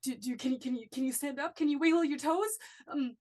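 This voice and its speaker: A woman's voice: sits high, quick pace, a little mellow, pitched above the performer's own voice, natural voice. A woman voicing a shaken, protective young man in a tabletop game. She stammers and repeats herself. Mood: anxious. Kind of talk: tabletop role-play voicing.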